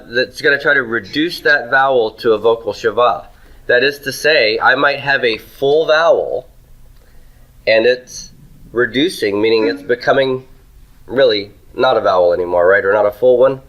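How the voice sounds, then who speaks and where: Bright-voiced man teaching a classroom lecture. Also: mid-range voice, poor audio. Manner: asks questions and answers them himself. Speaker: Hebrew grammar teacher.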